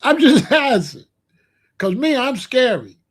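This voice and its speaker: High-pitched man ranting on camera. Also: unhurried. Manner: animated, with emphatic repetition and loud outbursts. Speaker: commentary vlogger. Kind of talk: casual ranting commentary.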